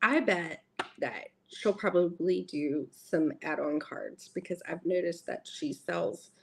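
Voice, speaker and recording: A woman's voice: lowish voice, slow pace, gravelly, noisy background. A woman with a Southern US accent hosting a casual tarot live stream, chatting freely, laughing often and answering her viewers. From Southern United States. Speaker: tarot livestream host.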